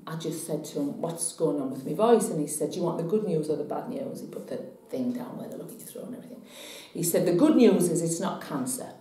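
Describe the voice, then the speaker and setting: A woman telling a personal story to camera in a chatty, animated way. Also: low-pitched. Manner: chatty, animated when retelling. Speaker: psychic vlogger. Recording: very echoey room.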